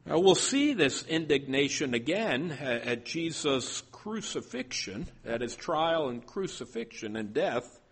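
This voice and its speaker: A man's voice: a little high, a bit bright, breathy edge. A male pastor preaching a sermon, stopping often and repeating his words as he goes.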